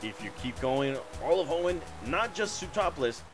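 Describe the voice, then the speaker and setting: A desperate adult male villain leader begging a giant beast to stop, played by a man reading aloud. His pitch leaps high and loud on the pleas. Game music runs beneath. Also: big pitch swings, normal speed. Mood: pleading. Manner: raised, stumbling over the text. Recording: video game music underneath.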